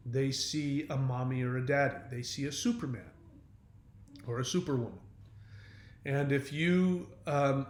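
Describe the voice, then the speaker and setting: Male host, mid-pitched, earnest advice monologue with fillers and restarts, roomy echo. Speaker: self-help channel host. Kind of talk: casual monologue to camera.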